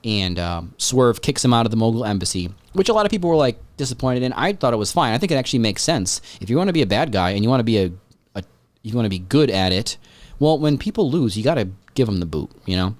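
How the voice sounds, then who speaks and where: A man hosting a podcast in casual chat, rambling and excitable, swearing freely. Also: medium pitch, fast talker, dry recording. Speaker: podcast host.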